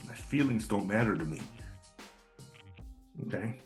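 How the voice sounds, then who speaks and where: A man's voice: fairly low pitch, animated, measured pace, long pauses, faint music behind. A middle-aged man in a casual personal monologue, blunt and profane, rambling with repeated words. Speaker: channel host.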